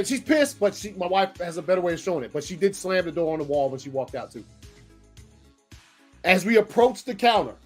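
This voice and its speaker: A man telling a story casually, animated and profane, acting out what people said. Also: high voice. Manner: animated, profane, acts out quotes. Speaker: podcast host.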